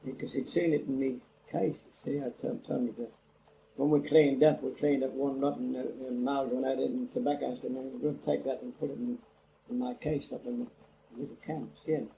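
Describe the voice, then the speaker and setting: An older Englishman, being interviewed, tells a rambling oral-history story and acts out the dialogue he quotes. His mid-range voice is gravelly and warm yet flat, moving briskly, and the old cassette recording is rough with faint hiss.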